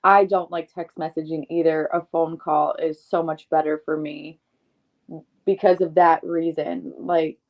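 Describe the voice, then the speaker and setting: A woman with a lowish voice chats casually as a podcast co-host and chimes in to finish her partner's thoughts. Her recording sounds dull and lo-fi. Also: fairly even intonation, a little slow. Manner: chimes in to finish the other host's sentences. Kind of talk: casual chat.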